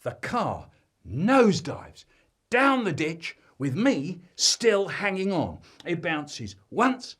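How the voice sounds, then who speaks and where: Male storyteller. Husky, lively pitch, deadpan comic delivery. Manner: dramatic swings between deadpan and loud.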